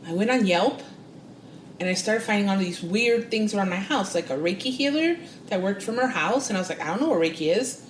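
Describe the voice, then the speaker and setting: A woman, guest on a podcast, telling a personal story with lively, expressive delivery and acting out the voices she quotes. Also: a little fast, reverberant, a little hiss or hum. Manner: expressive, acts out quoted voices with big pitch jumps. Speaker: guest psychic and spiritual coach. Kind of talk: animated storytelling in interview.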